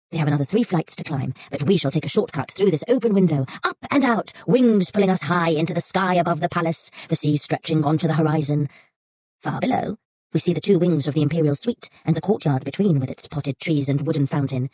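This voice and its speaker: Woman reading an audiobook, low dark voice, kinda husky, soft and unhurried. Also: no room sound. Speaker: audiobook narrator. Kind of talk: audiobook narration.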